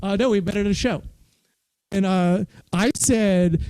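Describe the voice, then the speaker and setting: A man's voice: high voice, moderate pace, warm tone, no echo, low-quality recording. A man who is a stand-up comedian, telling rambling, self-deprecating stories in a casual chat over a video call.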